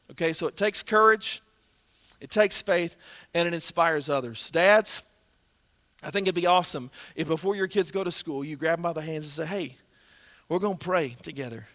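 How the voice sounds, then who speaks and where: A man preaching a sermon as pastor, energetic and exclamatory, often breaking into laughter. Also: high voice, in a large hall.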